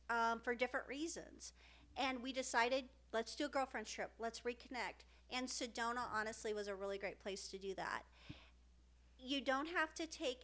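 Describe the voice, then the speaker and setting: A middle-aged woman co-hosting a casual podcast, speaking in a rather high voice. She talks with feeling, pausing and restarting often, and fills the gaps with soft fillers. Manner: emotional, halting, many fillers and restarts. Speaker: podcast co-host. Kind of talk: heartfelt casual podcast chat.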